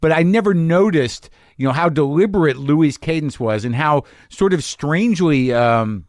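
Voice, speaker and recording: A man's voice: fairly high pitch, lively intonation, moderate pace, no echo, clean studio sound. A man hosting a podcast who muses aloud, often trailing off and restarting phrases. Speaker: podcast host. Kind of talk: casual podcast conversation. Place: podcast studio.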